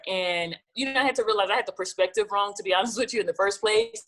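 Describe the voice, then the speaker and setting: Animated woman telling her story. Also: medium pitch, quick pace, few pauses. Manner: animated, acts out quoted dialogue. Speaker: gospel singer-songwriter guest. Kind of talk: casual storytelling interview.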